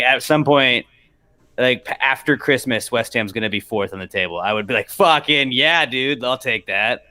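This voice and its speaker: Young American male co-host, loose and jokey, cusses a lot, bright clear voice. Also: medium pitch. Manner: swears freely, jokey, slips into silly mock voices. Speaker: podcast co-host. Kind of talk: casual chat.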